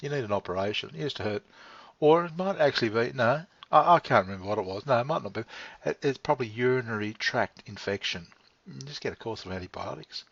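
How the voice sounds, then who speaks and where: A man rambling easily through a casual monologue, unhurried and loose, dropping the odd swear word with a chuckle. His voice sits at an ordinary middle pitch. The recording is dry and a bit dull, like a cheap home mic. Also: animated, gravelly, a bit bright, no room sound. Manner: meandering, laid-back, swears casually, chuckles. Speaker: vlogger. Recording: dry, slightly dull lo-fi sound.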